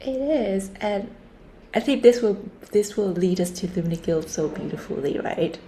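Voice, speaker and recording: A woman speaking in a gentle, encouraging way during a reflective conversation. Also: medium pitch, expressive, moderate pace, a little hiss or hum.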